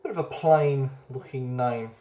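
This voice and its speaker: A man's voice: medium pitch, unhurried, roomy sound, lo-fi sound, very noisy. A man hosting a casual beer review video, chatty and rambling, often hesitating as he goes.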